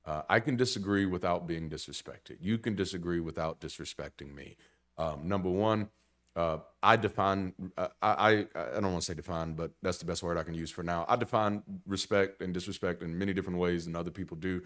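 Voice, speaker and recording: A man preaching in a conversational sermon style, blunt and animated, swearing casually and restarting sentences. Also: low-pitched, fairly quick. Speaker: pastor.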